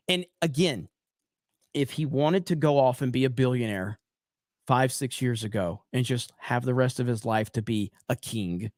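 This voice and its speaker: A man's voice: medium pitch, a little mellow, no room sound, studio quality. A man hosting a political commentary stream, talking in a heated, profane way. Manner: heated, profane, rapid back-and-forth.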